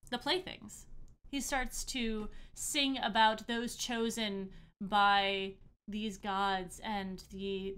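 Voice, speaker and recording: A woman's voice: medium pitch, fairly bright tone, clear, resonant tone. A woman narrating a tabletop game as game master, casually, with many fillers.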